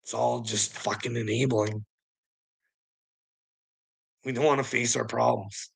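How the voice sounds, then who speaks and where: A man's voice: medium pitch, fairly even intonation, a little slow, gravelly, breathy edge. A man ranting in a rambling monologue to his viewers, swearing constantly and breaking into frequent nervous laughs. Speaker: vlogger.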